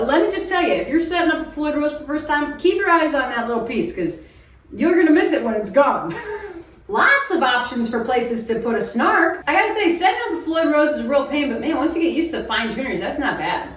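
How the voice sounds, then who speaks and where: Joking woman in her 30s showing off gear in a music shop, high bouncy voice, kinda far from the mic. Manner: joking, self-deprecating. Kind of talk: casual product demo. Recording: roomy shop, voice away from mic. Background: guitar playing.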